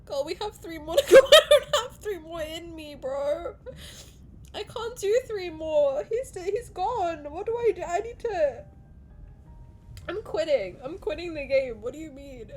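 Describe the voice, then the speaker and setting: A young woman on a live stream, high-voiced and swinging widely in pitch. She laughs and cries at once, swears freely, and talks in loose casual chat. A faint low rumble sits underneath. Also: measured pace. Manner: swears, laughs through tears, very expressive. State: crying.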